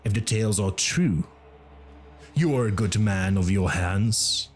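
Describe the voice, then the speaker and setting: A man voicing a blunt, gruff young barbarian warrior in an audiobook, growling his lines. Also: fairly low pitch, animated, a little slow.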